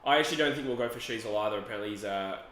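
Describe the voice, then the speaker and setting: A man's voice: medium pitch, very fast, fairly bright tone, a little hiss or hum. A young Australian man hosting a casual live footy watch-along, laid-back, laughing often and trailing off. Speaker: podcast host. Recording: roomy echo, faint ambience.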